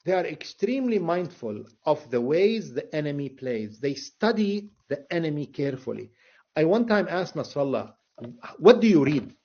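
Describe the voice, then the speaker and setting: A man's voice: on the high side, sing-song, normal speed, darkish tone. Sarcastic man on dull lo-fi audio. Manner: sarcastic, mocking, laughs often. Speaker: interview guest, political commentator. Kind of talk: conversational interview.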